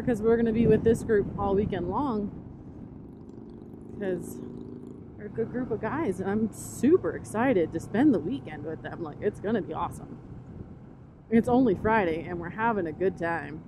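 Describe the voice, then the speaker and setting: A woman talking casually as she rides, excitable and rambling, jumping from thought to thought. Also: medium pitch. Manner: excitable, rambling, easily distracted. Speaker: motovlogger. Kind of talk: casual motovlog while riding. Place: outdoors on a motorcycle. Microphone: helmet-mounted camera mic. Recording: wind and engine noise. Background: road and vehicle noise.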